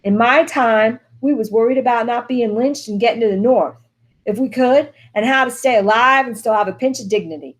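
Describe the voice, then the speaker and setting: A woman reading the part of a stern, weary older mother, speaking earnestly with her pitch lifted above her usual voice. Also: fairly quick, natural voice. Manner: earnest, pleading, dialogue read with a lifted pitch.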